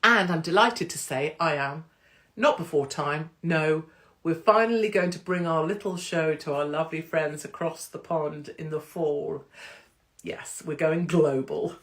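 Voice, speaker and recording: A woman's voice: low voice, a little slow. Cheeky, rambling woman host. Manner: cheeky, excitable, rambling with asides; reads announcements aloud with joking interruptions. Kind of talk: casual livestream chat.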